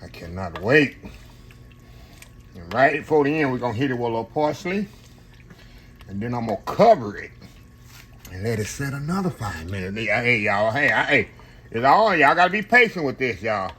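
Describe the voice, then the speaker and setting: Cooking in his own kitchen for a home video channel, an older man keeps up a casual, folksy patter, calling his viewers "y'all." He sounds very animated at a medium pitch and normal speed, somewhat bright, with long pauses.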